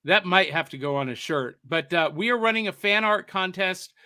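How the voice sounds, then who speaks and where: Bright-voiced playful male podcast host. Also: high voice, animated, moderate pace, smooth. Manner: playful, breaks into a mock newsreel announcer voice. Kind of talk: casual chat reading viewer comments.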